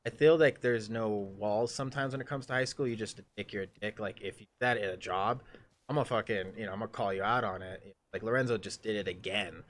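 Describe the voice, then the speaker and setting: A man's voice: fairly low pitch, fast talker. A young man streaming a game, telling rambling, profane stories in casual chat with frequent restarts. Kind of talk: casual chat while gaming live.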